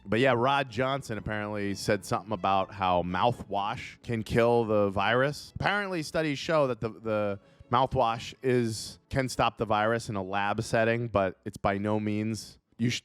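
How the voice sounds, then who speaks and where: A man's voice: moderate pace, smooth, dry recording. A comedian host riffing casually, joking and laughing at his own bits. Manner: jokey, laughs at his own bits, jumps into silly high voices.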